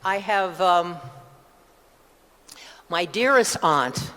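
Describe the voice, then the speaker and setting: An older woman with an upstate New York accent tells her personal testimony in church. She rambles warmly from one family story to the next, with asides and little self-corrections. Her voice carries a long, lingering echo from the church hall. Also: lowish voice, animated, drawn-out words. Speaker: church member giving testimony.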